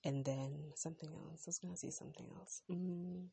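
A woman's voice: low voice, fairly even intonation, brisk, creaky, dark tone, breathy edge, dry recording. A young woman hosting a casual personal podcast, talking in a rambling, heartfelt way that often stops and restarts. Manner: rambling, self-interrupting, heartfelt. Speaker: podcast host.

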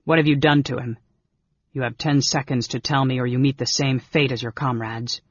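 A man reading an audiobook voices a fierce, desperate half-elf warrior and father, with harsh, growling threats and a husky voice. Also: medium pitch, fairly even intonation, normal speed, no room sound, dull audio, natural voice. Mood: threatening.

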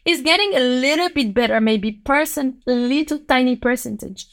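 A woman with a French accent, a lawyer speaking as a podcast guest, outspoken and emphatic. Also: normal speed. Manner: outspoken and emphatic, with sharp pitch jumps. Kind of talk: passionate podcast conversation.

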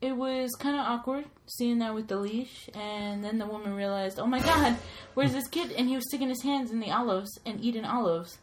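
A woman's voice: on the high side, fairly quick, hardly any pauses, a little hiss or hum. A woman co-hosting a casual podcast, telling stories with swearing and mimicking shrieking kids. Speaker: podcast co-host.

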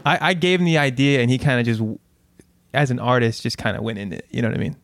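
A man's voice: medium pitch, quick pace, vocal fry, a bit bright. A young man, a guest on a podcast, telling a story in a laid-back, easygoing way. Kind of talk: casual podcast conversation.

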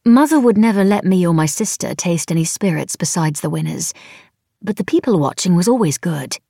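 A woman's voice: lowish voice, animated, a little fast, gravelly, mellow, breathy edge, dry recording, clean studio sound, heavily acted. A woman reading the lines of a curious young noblewoman traveller in a musing, fond tone, as an audiobook character.

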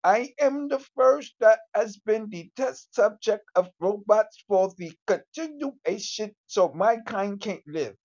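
A livestreamer putting on the voice of a self-described AI robot, calm and boastful, talking in a slow, deliberate, salesman-like way. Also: medium pitch, highs cut off.

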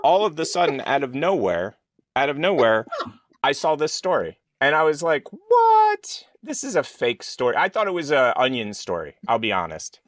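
A man's voice: medium pitch, very animated, normal speed, a bit bright, no echo, clean studio sound. A man co-hosting a live-streamed podcast, telling rambling, jokey stories full of fillers in casual chat. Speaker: podcast co-host.

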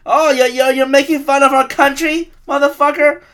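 A man's voice: very high voice, little pitch movement, moderate pace, fairly bright tone, pitched above the performer's own voice. A man voicing an angry male patriot who taunts and threatens a comedian. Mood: menacing. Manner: menacing, taunting.

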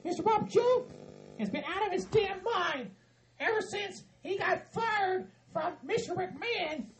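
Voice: extremely high pitch, animated, measured pace, poor audio. A performer voicing a bossy, fed-up hillbilly woman with a Southern drawl in a comedy skit. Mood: annoyed.

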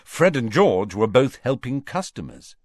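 A man reading an audiobook aloud in an expressive, varied way. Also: medium pitch, unhurried, no echo, studio quality. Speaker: audiobook reader. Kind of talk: audiobook narration.

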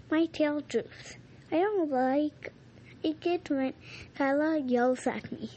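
A woman reading a children's storybook aloud, halting now and then with slips and rereads. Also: high voice, mellow, dull audio. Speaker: reader.

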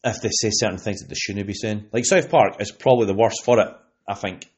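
A young Scottish podcast host, his voice on the low side with a breathy edge, talks fairly quickly in casual chat. His speech rambles and is packed with "you know what I mean" fillers, captured on a lo-fi recording.

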